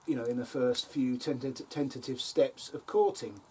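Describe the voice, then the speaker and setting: Casually storytelling to camera, an older allotment vlogger recounts funny anecdotes laced with ums and chuckles. His medium-pitched voice is a little mellow and moves at a normal speed, picked up from a distance with faint outdoor ambience and a little hiss or hum.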